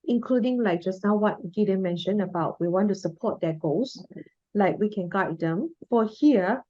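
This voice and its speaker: A woman's voice: medium pitch, warm tone, no room sound. A woman co-hosting a podcast in a casual book discussion, steadily guiding the talk from topic to topic. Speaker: podcast co-host. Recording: dull lo-fi dry sound.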